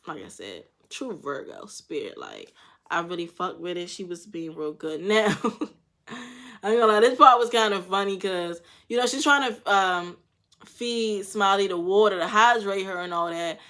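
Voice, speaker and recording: With a mid-range, pushed and bright voice and lively intonation, a young woman comments casually on a reality show episode at a moderate pace. She's blunt, slangy and profane, reacting with frank opinions.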